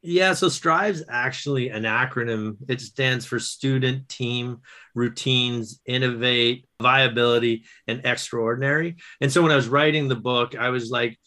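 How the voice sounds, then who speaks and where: Bright-voiced man telling lively stories. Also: medium pitch. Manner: animated, quick storytelling with restarts and laughs. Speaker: guest author and educator. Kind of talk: casual storytelling.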